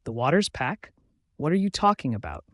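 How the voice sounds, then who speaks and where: A man's voice: mid-range voice, very animated, normal speed, no echo, clean studio sound, lightly acted. A man voicing a male wolf pack border guard in an audiobook, calling out plain warnings and questions. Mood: firm, puzzled.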